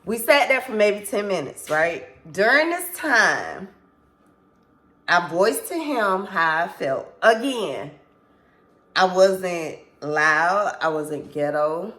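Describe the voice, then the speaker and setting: A woman talks straight to camera in a casual storytime, unhurried and drawn out. Her voice sits on the low side. She is candid and loose, swears freely, and keeps doubling back and apologizing for repeating herself. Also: lively intonation, a bit bright. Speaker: vlogger.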